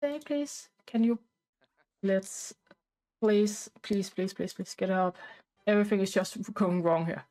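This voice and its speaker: A woman's voice: mid-range voice, expressive, a little slow, dark tone, rough recording. Chatty woman narrating a game. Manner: rambling, talkative, loose informal grammar. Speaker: gameplay narrator. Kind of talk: casual life-sim playthrough commentary.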